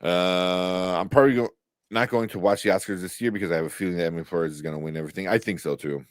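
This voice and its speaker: A man's voice: low-pitched, steady tone, very fast, smooth, no echo, clean studio sound. A man co-hosting a casual movie talk show, rambling with many fillers and restarts. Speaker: podcast co-host. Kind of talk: casual chat.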